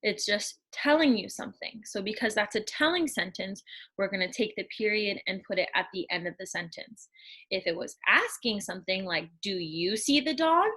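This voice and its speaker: A woman teaching a lesson to young children, explaining slowly and patiently, step by step. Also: mid-range voice, bright, forceful tone, breathy edge, poor audio.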